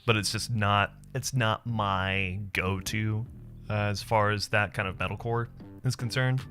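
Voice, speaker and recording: A man's voice: on the low side, fairly even intonation, measured pace, fairly bright tone, soft background music. A man in his thirties, live streaming, chatting casually with viewers and telling stories loosely, with plenty of swearing and laughter. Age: 30s. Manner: loose, profane storytelling with frequent laughs.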